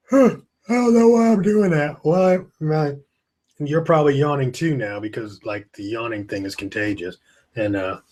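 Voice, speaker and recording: A tired man hosts a live webinar from his webcam. His talk is loose and rambling, and he greets viewers by name. He stifles yawns as he goes. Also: a little high. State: tired, yawning. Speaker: online course host. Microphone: webcam with screen beside it.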